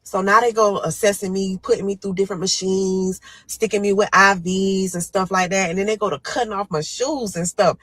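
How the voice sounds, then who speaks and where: A young woman tells her own story with heavy drama, jumping into high, strained pleas when she relives the moment. Her voice sits in a middle range. The recording is close and dry. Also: fairly even intonation, moderate pace, a bit bright, no echo, low-quality recording. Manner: dramatic, acts out her own panicked screams. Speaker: storyteller guest. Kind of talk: emotional first-person storytelling.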